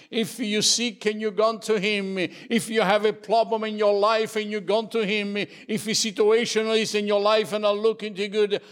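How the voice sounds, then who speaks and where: Preacher, man, slow and repetitive delivery, fairly high voice. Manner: slow, earnest, repetitive preaching with halting restarts. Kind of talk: sermon.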